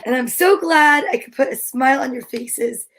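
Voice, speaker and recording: A woman reading a children's picture book aloud, cooing and half-singing its lines playfully, her voice a little rough this morning. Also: sits high, moderate pace. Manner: sings and coos softly, playful and affectionate. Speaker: storyteller reading picture books.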